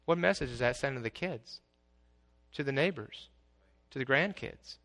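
A man preaching a sermon as pastor, swinging from quiet asides to loud, exclaiming passages. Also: mid-range voice, expressive, normal speed.

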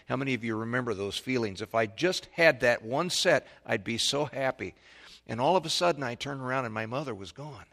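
A man preaching a sermon, telling a folksy childhood story that builds to loud, excited peaks. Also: mid-range voice. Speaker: pastor.

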